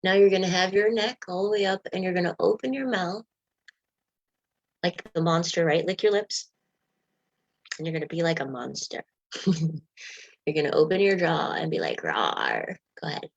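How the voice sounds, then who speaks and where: Woman meditation guide, lower voice, dry close sound, soft unhurried coaching. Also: gravelly, no echo, highs cut off. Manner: leads yawning and stretching exercises.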